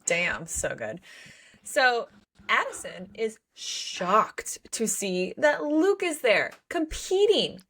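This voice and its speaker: A woman's voice: fairly high pitch, slow, breathy edge. A woman co-hosting a book podcast in casual chat, acting out the characters' lines as she recaps. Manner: animated, acts out characters' lines. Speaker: podcast co-host.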